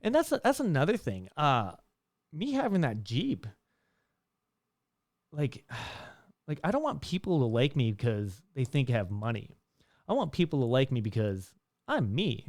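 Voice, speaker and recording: A man's voice: measured pace, long pauses, no room sound, clean studio sound. A young man talking casually to camera, rambling with restarts and fillers and lifting his voice to act out stories. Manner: lively storyteller, pitch jumping up when acting out dialogue. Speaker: vlogger giving life advice. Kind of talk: casual monologue.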